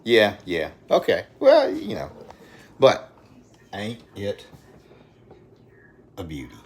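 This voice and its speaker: Middle-aged Alabama man hosting a home livestream, very low voice, folksy and rambling, faint background noise. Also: huge pitch swings, takes it slowly, creaky. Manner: folksy, rambling, talks to viewers by name. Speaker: livestream host. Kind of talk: casual live chat. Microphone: phone.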